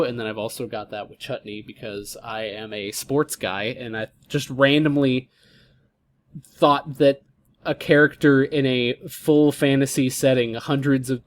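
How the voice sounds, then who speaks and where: A man from Florida co-hosting a casual podcast, speaking in a laid-back, giggly way with many filler words. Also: medium pitch. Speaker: podcast co-host. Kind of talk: casual chat.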